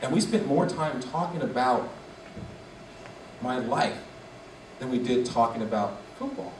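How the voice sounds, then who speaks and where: A man's voice: mid-range voice, unhurried. A man in his forties giving a motivational speech as a guest speaker, telling a personal story and acting out its dialogue. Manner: animated, acts out dialogue. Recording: echoey hall, distant mic, faint noise.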